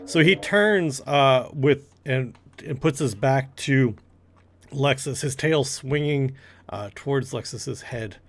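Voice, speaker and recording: A man at a mid-range pitch leads a tabletop game. He describes the scene as he improvises it and calls for dice rolls between descriptions. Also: slow, slight background noise. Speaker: game master.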